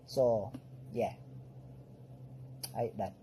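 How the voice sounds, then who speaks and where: A man's voice: fairly low pitch, fairly even intonation, drawn-out words, warm tone, a little hiss or hum, poor audio. A man with a Jamaican accent giving an earnest to-camera comedy monologue, slipping into patois phrasing. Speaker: comedic vlogger.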